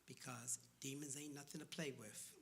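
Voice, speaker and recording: A man voicing his older mentor pastor, who speaks solemnly and gives low-key instruction. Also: fairly even intonation, normal speed, lightly acted. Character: older male mentor pastor, grave and steady.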